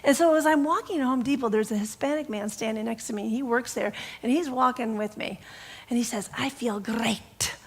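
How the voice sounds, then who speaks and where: A middle-aged woman minister giving a casual storytelling sermon, animated and laughing as she acts out dialogue. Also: on the high side, a little fast, slight background noise.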